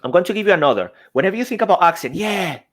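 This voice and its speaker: A man's voice: high voice, lively intonation, racing. Man with an accent, coaching emphatically. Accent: non-native English accent. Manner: emphatic, coaching with rhetorical questions. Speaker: podcast guest, NLP coach. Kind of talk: conversational coaching talk. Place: remote podcast setup with desk mic.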